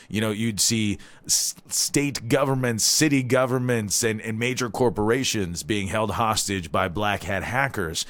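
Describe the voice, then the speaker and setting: A man in his forties from Hawaii hosts a live community radio show. He talks in a loose, rambling way, full of "all right?" asides and restarts, at an everyday pitch. His voice is close and dry, as if from a studio mic. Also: dry recording.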